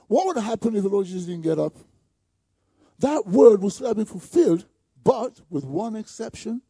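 A man preaching a sermon, calling out to the congregation and building to shouted peaks. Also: high-pitched, slightly rough, dry recording, studio quality. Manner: call-and-response preaching with rising shouts. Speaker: pastor.

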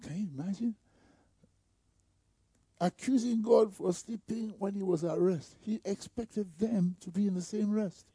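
A man preaching a sermon, calling out to the congregation and building to shouted peaks. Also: high voice, steady tone, unhurried, breathy edge, no echo, clean studio sound. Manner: call-and-response preaching with rising shouts. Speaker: pastor.

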